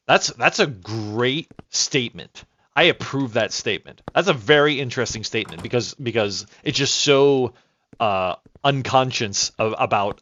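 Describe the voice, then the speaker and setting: A man streaming a game with casual, rambling commentary, excitable, with restarts and swearing. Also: medium pitch, no room sound. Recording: dull lo-fi dry mic.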